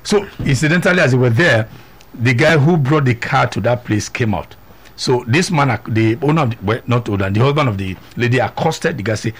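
A man's voice: a little fast, slightly rough. A man hosting a talk show, telling a story and acting out each character's lines in a raised voice. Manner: acts out every character in the story, jumping high in pitch. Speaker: radio show host.

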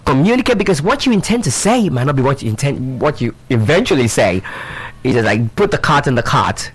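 His voice sits in the middle range, a little rough, with big swings in pitch. He's running a live pronunciation drill for teachers, spelling words letter by letter and speaking right to the audience in a drawn-out, instructive way, heavy on fillers, repeats, and rhetorical questions.

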